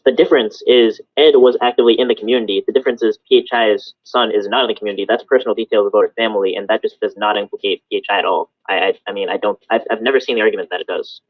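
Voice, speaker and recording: Low quick-talking insistent man. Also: fairly even intonation, no echo, dull audio. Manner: insistent, explaining. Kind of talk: argument on a stream.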